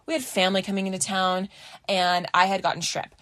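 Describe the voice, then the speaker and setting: A woman's voice: medium pitch, fairly quick, no room sound. A young woman co-hosting a podcast, telling a story with laughter and acting out quoted voices. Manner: animated, laughing, acts out quotes. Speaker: podcast co-host. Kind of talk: casual storytelling chat.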